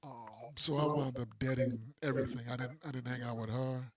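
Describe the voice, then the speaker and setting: A man's voice: mid-range voice, fairly even intonation, fairly quick. Male podcast co-host, casual slangy storyteller, acts out quotes.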